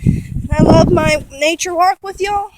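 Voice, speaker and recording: A woman's voice: very high voice, unhurried. A woman filming a casual walking vlog on a beach with her phone on a selfie stick, gushing and exclamatory. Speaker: vlogger. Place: outdoors on a beach. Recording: loud wind noise on phone.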